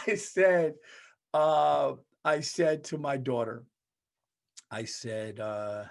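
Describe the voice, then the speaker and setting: A man holding forth on his own comedy podcast, speaking in a slightly higher register than most men. He rants casually and emphatically, leaning hard on profanity to drive each point home. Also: steady tone, very slow, creaky. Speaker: podcast host.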